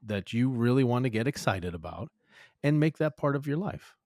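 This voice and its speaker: A podcast co-host with a medium-pitched, slightly mellow voice chats casually at a moderate pace, his intonation lively. He's laid-back and opinionated and swears now and then; the recording is dry and studio-clean, though chickens can be heard in the background.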